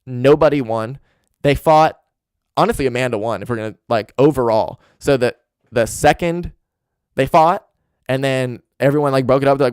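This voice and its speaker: Young male podcast host, rambling profane storyteller, clear smooth voice, dry close mic. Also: medium pitch, a little fast, no echo. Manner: rambling, animated, profane, with filler "like". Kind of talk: casual storytelling. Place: home room.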